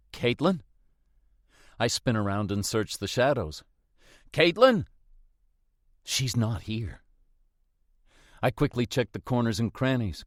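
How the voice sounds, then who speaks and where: A man's voice: mid-range voice, no echo, clean studio sound. A man narrating a suspense audiobook in the first person, with a tense delivery.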